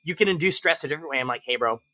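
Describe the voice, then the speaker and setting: A man with a bright, slightly high voice tells stories in a loose podcast chat. He swears freely and jumps into loud, mocking impressions of range instructors. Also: rapid-fire. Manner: animated storyteller, swears freely, acts out shouting instructors. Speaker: podcast guest. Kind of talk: casual interview chat.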